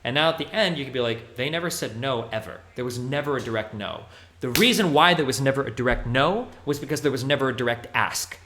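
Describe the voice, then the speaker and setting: A man's voice: medium pitch, fast talker, pushed and bright, a little hiss or hum. A male streamer giving casual livestream commentary, talking bluntly and profanely in a rambling way with many fillers.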